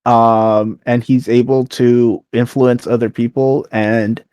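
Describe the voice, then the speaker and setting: A young man co-hosting a podcast in casual chat, relaxed and recapping stories with fillers. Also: medium pitch, slow, clean tone, no room sound. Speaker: podcast co-host.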